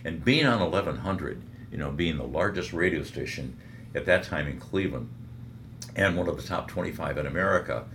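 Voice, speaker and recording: A man's voice: very deep voice, fairly quick, slight background noise. An older man, a veteran radio broadcaster, telling stories as a guest in a casual interview, with frequent restarts. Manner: animated storyteller with frequent restarts.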